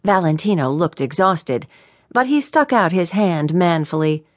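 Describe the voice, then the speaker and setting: A woman narrating a mystery audiobook in an expressive, animated way. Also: on the low side, measured pace, no room sound, clean studio sound.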